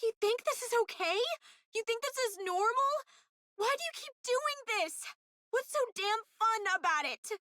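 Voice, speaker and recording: Protective young woman, game voice, emotional shouting, slow deliberate delivery. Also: very high voice, animated, dry recording, studio quality, exaggerated voice. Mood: furious. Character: young woman, fierce protective friend of a pop star. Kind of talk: game voice acting.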